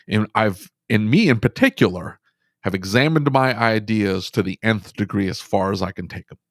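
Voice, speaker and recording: Emphatic man, low register, dry close mic, quick bursts, shop-owner guest. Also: no echo. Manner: animated, emphatic, talks fast in bursts. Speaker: auto repair shop owner, podcast guest. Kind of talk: casual storytelling conversation.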